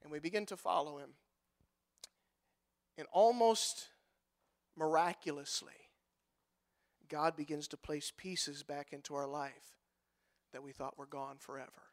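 A man preaching as a pastor, swinging between hushed lines and loud, pleading outbursts, with emphatic repeated phrasing. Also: on the high side, fairly even intonation, a little slow, pauses often. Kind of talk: preaching a sermon.

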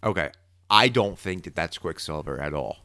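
Low-voiced man theorizing in a podcast. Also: moderate pace, dry recording. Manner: opinionated, animated theorizing. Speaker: podcast co-host. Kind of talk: casual recap chat.

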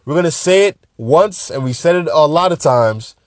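A man's voice: on the high side, normal speed, dry recording, studio quality. Joking, chatty male podcast host. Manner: animated, joking, chatty, drifts to laid-back asides. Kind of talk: casual podcast monologue.

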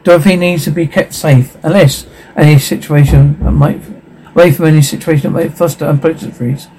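A man reading captions and sound cues aloud in a halting, stumbling way with a flat delivery. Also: fairly high pitch, a little hiss or hum, low-quality recording.

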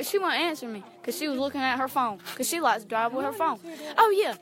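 A teenage girl, co-hosting a casual podcast outdoors at a ball game and telling stories loudly, with plenty of swearing. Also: high voice, a little fast. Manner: loud, profane, animated storytelling. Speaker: podcast co-host. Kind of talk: casual storytelling chat.

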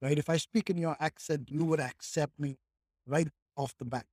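A man's voice: a little high, fairly even intonation, moderate pace, a little mellow, dry recording, clean studio sound. A man from India in casual conversation, thinking aloud and leaning on "like" and "right?" a lot.

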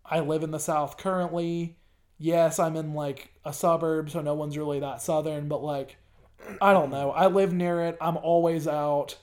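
A man's voice: fairly high pitch, steady tone, moderate pace, a little mellow. A man from the US South hosting a casual podcast, talking in a rambling, hesitant way with many ums. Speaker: podcast host. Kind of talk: casual chat.

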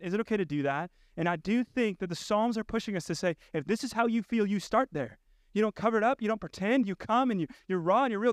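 A man's voice: a little high, clean tone, dry recording, clean studio sound. A male pastor preaching a sermon, earnestly reading quoted passages aloud. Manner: earnest, reads quotes with rising intensity.

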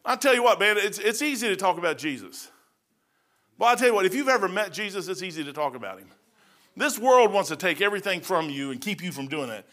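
A man's voice: high-pitched, animated, fast talker, fairly bright tone. A middle-aged man from Kentucky giving a folksy, conversational sermon, often saying "man". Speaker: preacher. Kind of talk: informal sermon.

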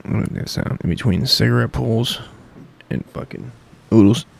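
A man's voice: fairly low pitch, moderate pace, vocal fry, a little mellow, a little hiss or hum. A man hosting a podcast, rambling sarcastically and swearing constantly. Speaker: podcast host. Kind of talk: casual profane monologue.

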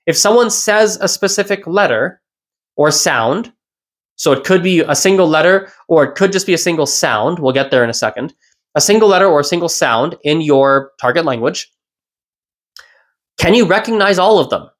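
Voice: medium pitch, animated, moderate pace. A language teacher hosting a solo educational podcast, explaining step by step, repeating key points and asking rhetorical questions.

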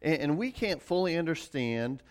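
A man's voice: fairly high pitch, lively intonation, normal speed. A middle-aged man preaching a sermon as pastor, earnest and often repeating words as he starts a phrase.

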